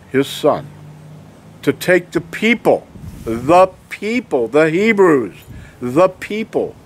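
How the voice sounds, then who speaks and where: Angry ranting man, raised voice. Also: fairly high pitch. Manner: heated and emphatic, keeps asking "okay?". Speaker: vlogger. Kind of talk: angry ranting monologue to camera.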